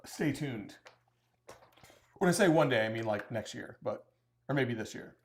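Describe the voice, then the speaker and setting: A man's voice: medium pitch, expressive, moderate pace. A man co-hosting a casual livestream, cursing freely and ranting with comic exaggeration. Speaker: livestream co-host.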